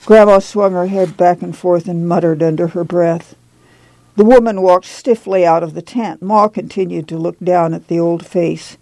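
Audiobook narrator, gravelly and mellow, dry read. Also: medium pitch, steady tone, normal speed, no echo, rough recording. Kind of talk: audiobook reading of a novel.

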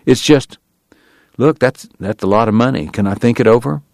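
A man's voice: mid-range voice, moderate pace, vocal fry, darkish tone, dry recording, lightly acted. A man voicing a tired, plain-spoken frontier lawman who talks bluntly and briefly. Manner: blunt and short, wary.

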